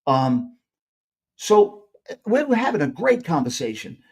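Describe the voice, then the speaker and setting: A middle-aged New Yorker hosts a live podcast, telling rambling, animated stories and constantly interrupting and restarting himself. His voice leans high and his pace is a little slow.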